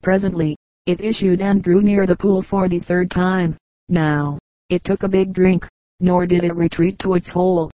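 A woman reading an audiobook in a measured, even narration. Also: fairly low pitch, no room sound, poor audio. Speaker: audiobook reader. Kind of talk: scripted narration.

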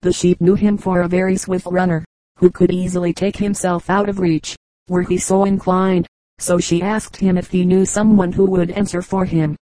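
Mellow-voiced woman reading fables. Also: lowish voice, little pitch movement, normal speed, dry recording, poor audio. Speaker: audiobook narrator. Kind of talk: scripted narration of fables.

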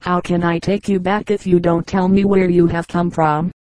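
A woman reading the lines of a friendly adult man, a cyclist who questions a runaway boy in a brisk, kindly way. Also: fairly low pitch, flat delivery, darkish tone, dry recording, natural voice.

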